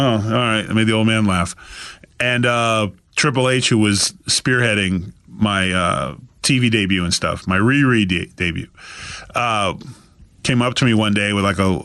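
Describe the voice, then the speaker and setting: A man's voice: bright, forceful tone, no room sound, clean studio sound. A man telling stories as a podcast guest, animatedly acting out the voices of the people in them. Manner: acts out quoted voices with big pitch jumps. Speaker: guest, author. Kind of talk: animated storytelling.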